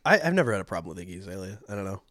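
A man's voice: sits low, big pitch swings, racing, a bit bright, no echo, studio quality. A man co-hosting a podcast in casual chat, rambling with lots of fillers and restarts. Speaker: podcast co-host.

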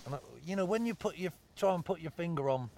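A middle-aged man with a Bristol accent tells stories from his football days in easy, casual chat. His voice sits a touch higher than usual. He talks bluntly, swears freely and calls his listener mate. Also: lively intonation, quick pace, a little mellow, a little hiss or hum. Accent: Bristol English. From Bristol, England. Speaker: former footballer.

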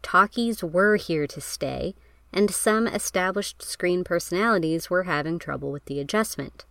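A woman's voice: fairly low pitch, normal speed, gravelly, a bit bright, no echo. Woman narrating film history, wry. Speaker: podcast host.

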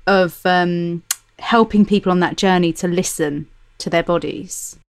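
A woman's voice: fairly low pitch, unhurried, no echo. A woman hosting a podcast, talking earnestly and reflectively in casual conversation. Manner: reflective, earnest, asks guests questions. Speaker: podcast host.

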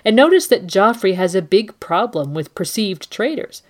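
A woman's voice: medium pitch, sing-song, normal speed. A woman co-hosting a book and TV discussion, giving critical, analytical commentary. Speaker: co-host.

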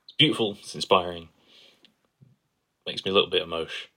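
Deep-voiced playful man. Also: fairly quick, pushed and bright. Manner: playful, enthusiastic, gushes over quotes. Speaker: podcast co-host. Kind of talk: casual chat.

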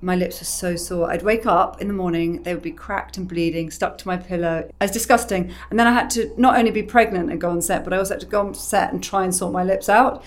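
A woman's voice: fairly low pitch, fast, few pauses. A woman in her thirties, a makeup artist chatting casually and acting out the people in her stories. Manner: animated storyteller who acts out quoted voices. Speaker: makeup artist and brand ambassador. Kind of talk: casual chat.

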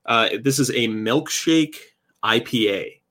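A man's voice: mid-range voice, slow pace. A man co-hosting a late-night podcast stream, chatting casually and laughing while he tastes beer and food. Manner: relaxed, laughing, rambling about beer. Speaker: podcast co-host. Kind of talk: casual chat.

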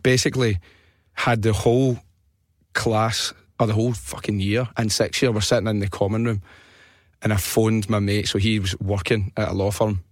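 A young Scottish man hosting a podcast, telling a prank story in lively casual chat, swearing freely and laughing along. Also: lowish voice, moderate pace, no echo, studio quality. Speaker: podcast host.

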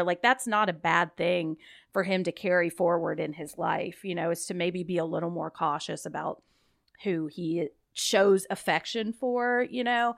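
A woman's voice: lowish voice, fairly even intonation, unhurried, gravelly. A woman co-hosting a film podcast, talking casually and peppering her speech with "like" and "you know.". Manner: chatty, lots of "like" and "you know". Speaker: podcast co-host.

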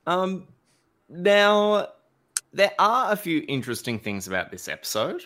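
A man's voice: a little high, wildly swooping pitch, pushed and bright. A man co-hosting a podcast in casual chat, drawing out his words and laughing along. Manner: slow, drawn-out delivery with laughs. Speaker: podcast co-host.

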